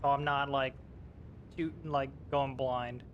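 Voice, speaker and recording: A man's voice: medium pitch, fairly even intonation, a little slow, highs cut off, a little hiss or hum. A young man casually chatting while streaming a video game, rambling, swearing and laughing at himself. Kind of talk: casual gaming chat.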